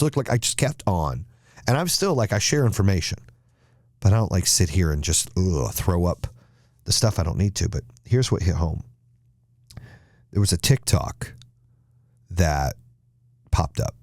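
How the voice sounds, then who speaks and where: A man's voice: deep voice, lively intonation, normal speed, pauses often, darkish tone, no room sound, studio quality. A man hosting a motivational podcast, talking bluntly and emphatically in a monologue and swearing now and then. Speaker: podcast host.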